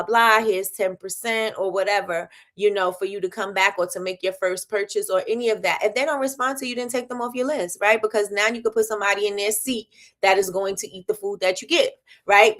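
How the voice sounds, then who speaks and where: A woman hosting a casual live advice chat for small business owners, lively and quick to laugh, speaking straight to her viewers with slang. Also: medium pitch. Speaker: host of a small-business livestream.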